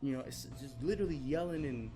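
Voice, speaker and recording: Fast-talking man telling a rambling story. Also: medium pitch, music in the background. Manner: animated, rambling, repeats phrases. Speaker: streamer. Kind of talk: casual storytelling.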